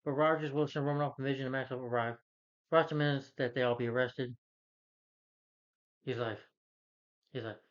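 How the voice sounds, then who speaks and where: A man who reviews films casually retells a superhero movie, his sentences often breaking off and starting over amid fillers, with character quotes given in his regular voice. His mid-range voice holds a steady tone and runs a little fast, pausing often. The audio is dull.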